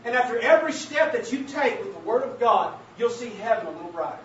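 A man preaching a sermon and sharing his testimony, calling out to the congregation as saints of God and building to emphatic shouts. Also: very high voice, lively intonation, quick pace. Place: church hall. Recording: very echoey, distant, dull church recording with faint hiss.

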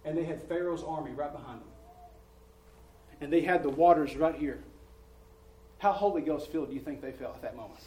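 A man preaching a sermon, rising in volume and pitch as he presses his points and often repeating words. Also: brisk, long pauses, darkish tone. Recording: roomy church sound from a distant mic.

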